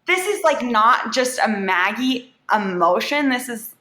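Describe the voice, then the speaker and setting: A woman's voice: a little high, animated, measured pace, sharp tone. Candid woman in an echoey room. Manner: candid, heartfelt, lots of "like". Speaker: yoga instructor, guest. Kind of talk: casual podcast interview.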